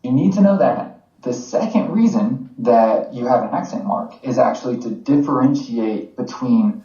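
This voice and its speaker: An American man co-hosting a podcast, explaining things in a relaxed, conversational way. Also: medium pitch, normal speed. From United States. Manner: relaxed, conversational teaching with fillers. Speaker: podcast co-host. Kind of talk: casual explanatory chat. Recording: roomy, slightly dull podcast audio.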